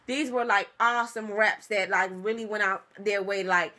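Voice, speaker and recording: Bright-voiced chatty woman vlogger. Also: medium pitch, moderate pace, hardly any pauses. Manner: chatty, animated storytelling, addresses viewers as y'all. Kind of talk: casual pregnancy update vlog.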